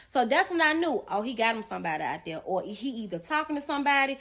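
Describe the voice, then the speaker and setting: A woman's voice: sits high, fast talker, few pauses. Earnest woman telling a story to camera. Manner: animated, emotional storytelling addressing viewers directly. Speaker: vlogger. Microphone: phone or camera facing the speaker.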